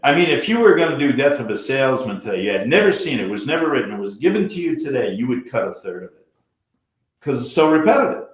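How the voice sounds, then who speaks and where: A man's voice: mid-range voice, big pitch swings, quick pace. An older man, a guest actor, telling stories in casual chat and sometimes trailing off and restarting. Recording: echoey room.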